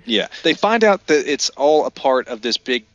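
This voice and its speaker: A man's voice: a little high, sing-song, moderate pace, vocal fry, fairly bright tone, no room sound, muffled recording. A man co-hosting a casual movie podcast, retelling scenes with enthusiasm. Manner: enthusiastic storyteller, acts out lines. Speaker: podcast co-host. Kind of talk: casual movie review chat.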